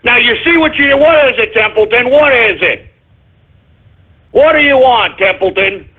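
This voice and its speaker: High-voiced exasperated man on a phone line. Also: lively intonation, unhurried. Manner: exasperated, repeats himself, ends up shouting at a dog. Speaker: radio show talker. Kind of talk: rambling live radio talk.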